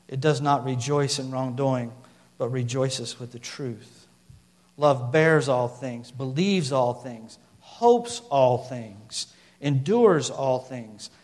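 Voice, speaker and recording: A man with a fairly high voice preaches a sermon in a loose, conversational way, full of fillers and restarts. Now and then he slows down and leans hard into a point. His voice rings out with the long reverb of a large hall.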